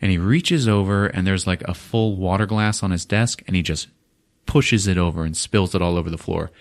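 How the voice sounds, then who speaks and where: A man hosting a podcast, recapping a movie in a casual comic way, animated, laughing and swearing freely. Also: low voice, moderate pace. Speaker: podcast host.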